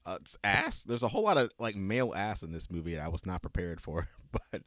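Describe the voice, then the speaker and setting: A man's voice: sits low, fairly quick. A man co-hosting a podcast, chatting casually and laughing often as he recaps a movie. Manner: laughs often, animated storytelling. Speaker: podcast co-host. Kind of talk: casual chat.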